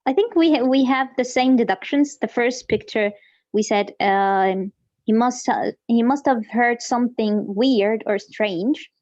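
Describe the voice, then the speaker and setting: A woman's voice: a little high, measured pace, darkish tone, dry recording, dull audio. A woman student on a video call, reporting her group's answers hesitantly, with many fillers.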